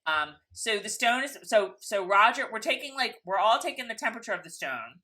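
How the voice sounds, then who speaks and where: Lively bright-voiced woman recapping. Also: fairly high pitch, brisk. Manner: chatty, rambling, acts out characters' lines. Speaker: podcast co-host. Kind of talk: casual TV recap chat.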